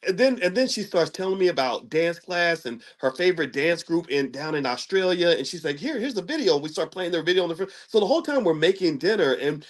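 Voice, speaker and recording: Animated, stammering middle-aged male host. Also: fairly high pitch, a little fast, hardly any pauses. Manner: animated storyteller who stammers and repeats words; self-mocking and humorous. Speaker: commentator and channel host. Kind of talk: casual monologue to camera.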